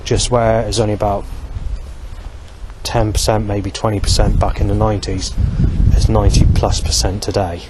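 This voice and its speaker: A middle-aged man speaks in a low voice, wandering from point to point, often stumbling and restarting his sentences. He swears casually as he talks. He is recorded outdoors, with loud street and traffic noise behind him. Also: flat delivery, normal speed. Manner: meandering, frequent restarts and swearing. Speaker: vlogger. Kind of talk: rambling monologue.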